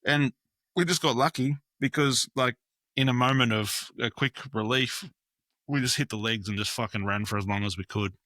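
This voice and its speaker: A man's voice: mid-range voice, moderate pace, pushed and bright, no room sound. A young Australian man telling long, rambling stories on a podcast, full of fillers and swearing. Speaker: podcast guest, graffiti artist. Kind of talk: casual storytelling chat.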